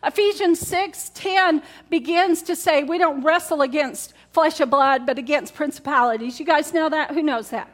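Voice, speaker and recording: With a high voice, a normal speed and few pauses, a woman pastor preaches to her congregation in church. She talks conversationally, keeps repeating key words, and directs questions at the congregation.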